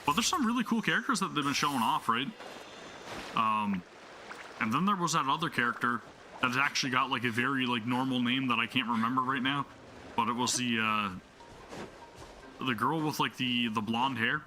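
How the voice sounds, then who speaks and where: With a bright, forceful mid-range voice at normal speed, a gaming-channel host chats casually and excitedly over his gameplay, leaving long pauses. He rambles through fillers and restarts, and there's a little hiss or hum.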